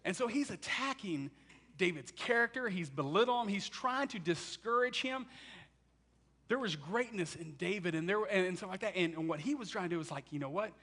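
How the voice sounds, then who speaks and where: Bright-voiced preacher. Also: male voice, sits high, moderate pace. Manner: animated storytelling, acting out quotes. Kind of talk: sermon.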